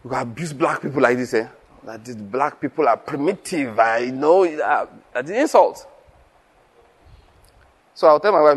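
A male pastor delivers a teaching sermon in a fairly high voice. He keeps it conversational, slipping in chuckles and rhetorical questions to check that listeners follow. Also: animated, moderate pace.

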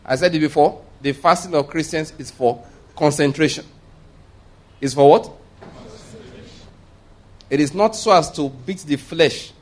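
A man's voice: fairly high pitch, measured pace, pauses often. A man preaching a sermon, emphatic and repeating his points, asking the congregation rhetorical questions. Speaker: pastor.

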